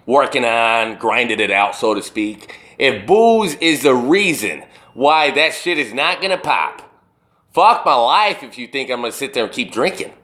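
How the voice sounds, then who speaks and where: A man's voice: mid-range voice, expressive, unhurried, bright, forceful tone. A man hosting a solo podcast, talking in a rambling, profane and emphatic way. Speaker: podcast host. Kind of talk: casual solo podcast rant.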